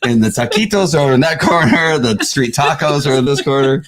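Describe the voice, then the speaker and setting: A man's voice: medium pitch, moderate pace, crowd noise. A middle-aged man hosting a show, bantering in a jokey, rambling way with frequent laughs. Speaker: podcast host. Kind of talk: casual banter.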